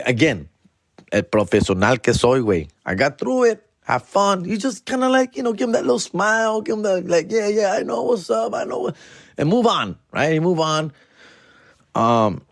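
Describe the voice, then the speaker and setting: A man's voice: mid-range voice, no echo. A comedian from California tells a story on his podcast. He is slangy and profane and acts out every quote. The sound is dry and close, with no room in it. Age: adult, father. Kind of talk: casual storytelling.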